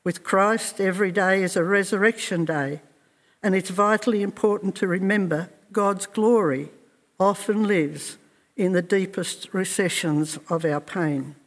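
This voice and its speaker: A man preaching a sermon in a slow, earnest and reflective way, with measured pauses. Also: sits high, long reverb tail.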